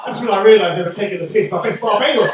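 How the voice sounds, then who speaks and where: A middle-aged man doing stand-up comedy, loud and swearing as he teases the crowd. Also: sits high, racing, recorded from a distance. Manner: loud, swearing, teasing banter. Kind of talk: stand-up comedy with audience banter. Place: indoor comedy venue. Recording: echoey room, voice from afar, faint noise.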